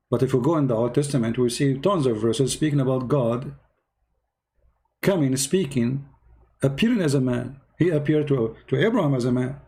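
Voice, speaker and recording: A man's voice: mid-range voice, darkish tone. Combative, mocking man on a livestream. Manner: mocking, combative, repeats himself. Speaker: live stream host. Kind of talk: heated commentary.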